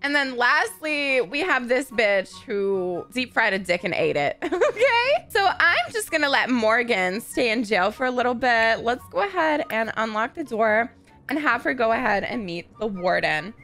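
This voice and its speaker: Give me a brash young woman with a high, lively voice doing casual, profane let's-play commentary. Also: moderate pace, soft background music. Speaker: gaming channel host.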